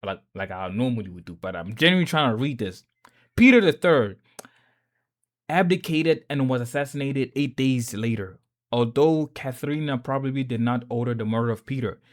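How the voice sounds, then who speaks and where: A man's voice: mid-range voice, moderate pace. A South African man hosting a reaction video, swearing freely and stumbling while reading aloud. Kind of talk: casual reaction commentary.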